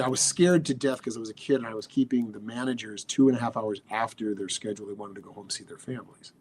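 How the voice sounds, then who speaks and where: A man's voice: medium pitch, a little hiss or hum. A man speaking as a podcast guest, telling motivational stories in an earnest, emphatic way and repeating key phrases. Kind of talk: motivational storytelling.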